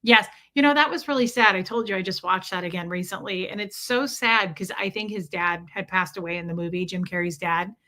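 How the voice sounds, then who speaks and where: A woman hosting a casual livestream, chatty and animated, answering viewers by name. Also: mid-range voice, fairly quick, few pauses. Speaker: livestream host reading chat.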